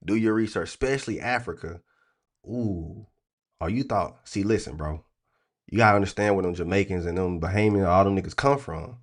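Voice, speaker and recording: Man, low-ish voice, blunt, profane, animated livestream rant. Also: brisk. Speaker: trading stream host.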